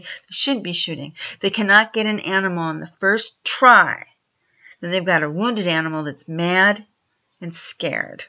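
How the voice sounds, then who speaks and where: Woman, slow, low-pitched, bright tone, rambling casual storytelling, chuckles, dull lo-fi recording. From Washington State. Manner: rambling, chuckling, frequent restarts.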